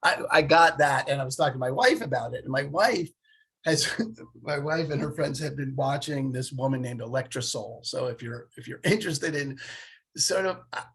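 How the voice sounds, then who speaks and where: A man's voice: mid-range voice, normal speed, fairly bright tone, husky. A man in his late fifties talking in a casual podcast conversation, telling stories animatedly and acting out the voices of people he quotes. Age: 50s.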